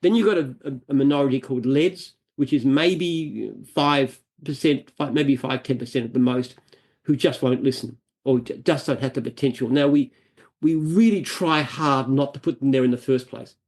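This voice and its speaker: An Australian man speaks as an interview guest, earnest and emphatic. He often repeats himself as he builds a point. His voice sits at a middle pitch. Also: moderate pace, a little mellow. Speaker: franchise founder, guest. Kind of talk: interview answers.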